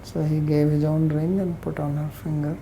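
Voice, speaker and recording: Woman lecturer, low and mellow voice, unhurried storytelling of scripture. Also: little pitch movement, a little hiss or hum, low-quality recording. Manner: retells the story in plain words, quoting its characters. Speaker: scripture teacher.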